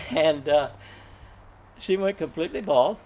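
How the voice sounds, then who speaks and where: An older man telling a personal story at an open mic, gentle and folksy, chuckling now and then. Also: fairly high pitch, measured pace.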